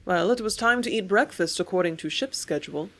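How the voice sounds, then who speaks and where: A woman reads an old first-person memoir aloud as an audiobook. Her delivery is steady storytelling, with the quoted lines read out with more life. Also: mid-range voice, a little fast. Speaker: audiobook narrator.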